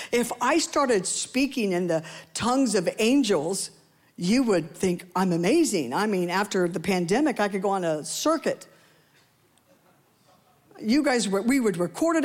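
A woman preaching a sermon in a conversational, playful way, often acting out quoted voices. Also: darkish tone. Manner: conversational, playful asides to the congregation; acts out quoted voices with rising pitch.

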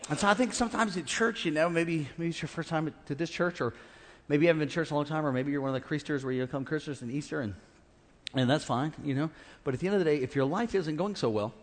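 A middle-aged man preaching a sermon as pastor, animated and calling out to his congregation. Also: fairly high pitch. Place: large church auditorium. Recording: reverberant church hall.

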